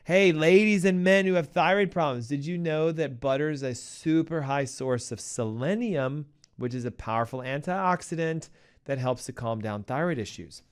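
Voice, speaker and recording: A man delivers health advice in a punchy, emphatic way, speaking right to his listeners. His voice is smooth and clear, sitting at an ordinary middle pitch. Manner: acts out a panicking cardiologist in a raised voice. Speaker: health show host. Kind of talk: energetic health advice talk.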